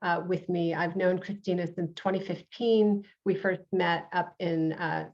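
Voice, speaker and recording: New york lady hosting her show, lowish voice, kinda dull lo-fi sound, lots of uhs. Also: steady tone, a little slow, a little mellow. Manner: earnest, with many uhs and restarts. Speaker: show host, reverend. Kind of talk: interview show introduction.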